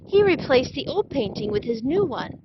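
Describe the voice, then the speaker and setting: A woman voicing a cheerful, literal-minded housekeeper in a children's storybook read-aloud, bright and matter-of-fact. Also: high-pitched, very animated, moderate pace, muffled recording, background noise, pitched above the performer's own voice.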